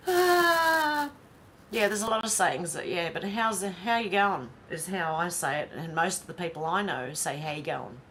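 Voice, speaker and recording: A woman's voice: lowish voice, moderate pace, hardly any pauses, a bit bright, slight background noise. A woman from Australia with an Australian accent, hosting a live stream in a casual, chatty way, often laughing to herself as she reads out viewer comments. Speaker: livestream host.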